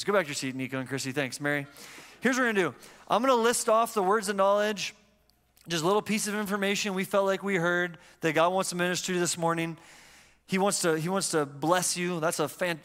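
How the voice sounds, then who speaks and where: A man's voice: high-pitched, a bit bright. A young adult man pastor preaching a sermon in a church, telling a story in a conversational way. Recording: church hall reverb.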